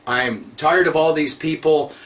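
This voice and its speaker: A man's voice: fairly high pitch, a little slow, fairly bright tone. A man giving a blunt, repetitive, scolding monologue to his viewers. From Canada. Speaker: vlogger. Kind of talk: ranting monologue to camera.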